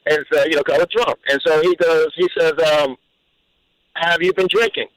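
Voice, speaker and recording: A man calling in to a radio show, telling a personal story in an animated way, with repeated words and restarts. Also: a little high, a little fast, no room sound, poor audio. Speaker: caller.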